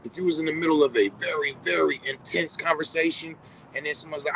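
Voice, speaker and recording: A man's voice: on the high side, fast talker, gravelly, a bit bright, slight background noise, rough recording. A man in a reflective casual monologue, speaking directly to his viewers in a conversational, profane way. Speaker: vlogger.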